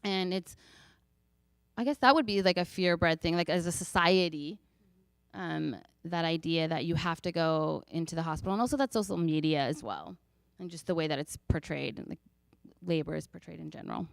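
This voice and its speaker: A woman's voice: low voice, normal speed, vocal fry, dry recording. A woman speaking reflectively at a community panel, often using "like" as a filler.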